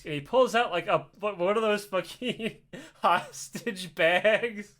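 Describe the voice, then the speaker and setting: A man's voice: high-pitched, measured pace, fairly bright tone. A man casually telling a comic story, swearing often and acting out the voices with laughs. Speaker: podcast host telling a story.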